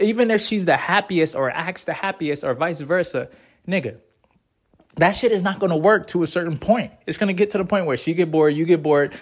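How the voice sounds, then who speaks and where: A young man with a slightly higher voice rambles through a casual advice monologue. He talks bluntly and profanely in laid-back slang, repeating his catchphrases.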